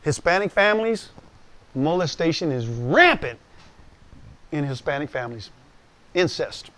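Here a man preaches from his own testimony, addressing the congregation directly and casually while bringing quoted voices to life with animated impressions. He pitches on the high side and talks a little slowly.

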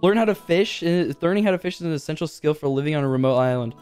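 A young man streaming a video game live, reading the on-screen text aloud and breaking into excited, high exclamations. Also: fast talker, clean tone, faint music behind.

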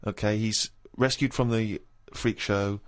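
A man, a co-host in a casual podcast chat, speaking in a dry, wry, measured way. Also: on the low side, steady tone.

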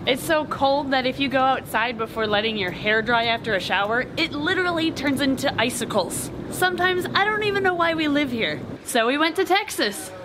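A woman's voice: sits high, animated, brisk, hardly any pauses. A woman hosting a vlog, upbeat and chatty as she narrates and asks questions. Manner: upbeat, chatty, laughs often. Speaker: vlog host. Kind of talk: casual vlog narration and interviewing. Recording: background noise.

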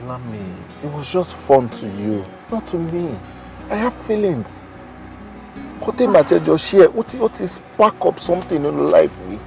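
A man's voice: a little high, lively intonation, normal speed, vocal fry, darkish tone, soft background music. An actor playing a lovesick Nigerian man who pleads and repeats himself. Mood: pleading.

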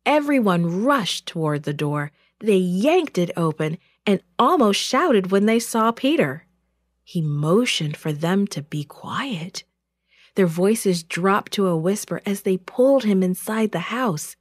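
A woman narrating a Bible story for a children's church program in an expressive, deliberate way. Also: medium pitch, dry recording, clean studio sound.

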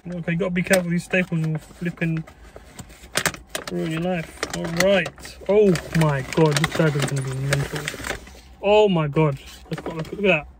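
A young man, chatting excitably in a casual food review vlog and dropping mild swears and "mate". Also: fairly high pitch, normal speed, background noise. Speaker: food vlogger.

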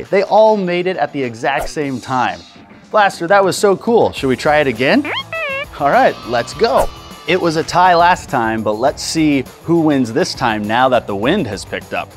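A man hosting a children's educational show, talking to young viewers in an excited, exaggerated way. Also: mid-range voice, unhurried, over music. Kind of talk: upbeat kids' educational presenting.

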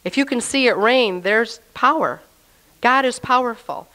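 A woman giving a personal faith testimony in a lively, chatty storytelling way, acting out her own past words. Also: on the high side, unhurried.

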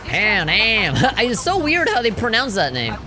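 A man's voice: very high voice, wildly swooping pitch, moderate pace. A man streaming a game, reacting with jokes, laughs and swearing in casual commentary.

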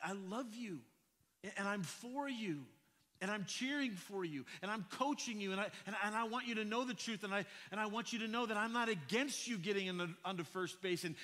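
A man's voice: high-pitched, fairly quick, pushed and bright, voice pushed up. A man voicing God as a loving, fatherly coach, earnest and stammering in a reassuring way. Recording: echoey church hall.

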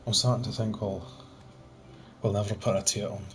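A man's voice: lowish voice, level tone, normal speed. A young man chatting casually while gaming with friends, joking and swearing and sighing often, recorded on a gaming headset. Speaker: gamer playing with friends online. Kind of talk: casual gameplay chat. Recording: noisy game capture.

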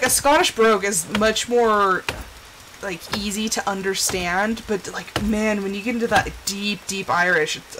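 A woman's voice: mid-range voice, noisy background. A woman from the Southwest, chatting casually while playing a game and talking to herself between fillers. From Southwestern United States. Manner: rambling, chatty, talks to herself, many fillers. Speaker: streamer. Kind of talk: casual gameplay chat.

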